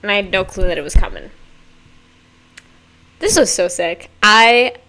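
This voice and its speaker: A woman hosting a music video reaction, talking casually and excitedly, swearing freely, squealing and laughing often. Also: medium pitch, measured pace, a little hiss or hum.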